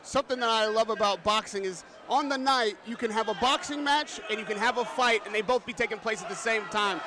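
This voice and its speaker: High-voiced boxing pundit over crowd noise. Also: male voice, a little fast. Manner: emphatic, analytical. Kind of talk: live fight analysis.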